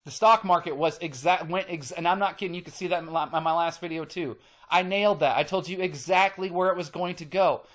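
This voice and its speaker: A man with a fairly high, slightly bright voice hosts his own channel, ranting at the camera a little fast with few pauses. He's emphatic and repetitive, swearing casually and working himself up.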